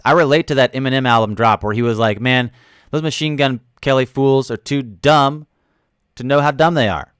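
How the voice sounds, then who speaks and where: A man hosting a casual livestream, reading chat comments aloud, joking with viewers and breaking into loud sudden outbursts. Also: medium pitch, smooth, no echo, studio quality. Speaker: livestream host. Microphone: studio microphone.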